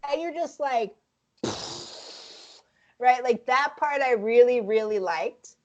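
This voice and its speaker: A woman co-hosting a casual film review chat, frank and profane, speaking in an animated way. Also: a little high, slow, muffled recording. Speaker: podcast co-host.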